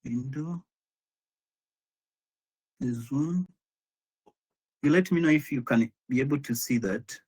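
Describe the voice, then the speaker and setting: A man, a guest speaker, chatting casually before a live online session, talking in a hesitant, halting way with frequent restarts over a video call. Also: medium pitch, a little mellow, husky. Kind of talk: casual pre-show chat.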